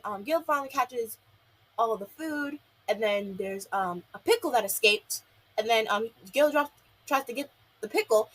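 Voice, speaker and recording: Young adult female reviewer, husky voice pitched a bit high, casual rambling delivery. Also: fairly bright tone, poor audio. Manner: rambling recap full of "um" and "and then". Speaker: episode reviewer.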